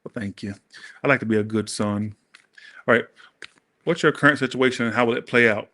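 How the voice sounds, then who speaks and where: Bright, sassy man reading tarot. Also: mid-range voice, a little fast. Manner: animated, sassy, blunt, talks to viewers directly. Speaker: tarot reader. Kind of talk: casual livestream tarot reading.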